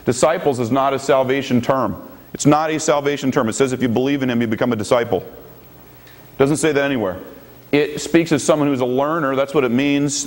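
A man delivering a formal debate rebuttal at a medium pitch. He presses each point emphatically and repeats key phrases for effect. He moves through scripture references and keeps asking for the next slide.

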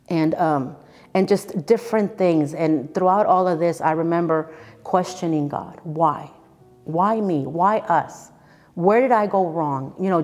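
A woman's voice: low-pitched, big-room sound. Earnest woman giving a testimony. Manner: earnest and emotional, repeating phrases for emphasis. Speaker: church speaker sharing her testimony. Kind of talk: personal testimony.

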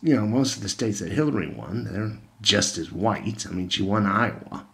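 A young man talks straight to the camera in a casual rant. His voice sits a little low. He is blunt and sarcastic and swears freely. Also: lively intonation, normal speed, creaky, fairly bright tone. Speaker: political commentator.

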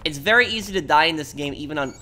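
A man's voice: a little high, lively intonation, quick pace, pushed and bright, slight background noise. Chatty male gameplay commentator. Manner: chatty, with many ums and you-knows. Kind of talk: casual let's play commentary.

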